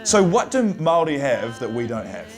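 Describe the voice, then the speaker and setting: Deadpan New Zealand reporter. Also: male voice, mid-range voice, normal speed, music in the background. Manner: deadpan, dry. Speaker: field reporter. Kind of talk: deadpan comedy street interview.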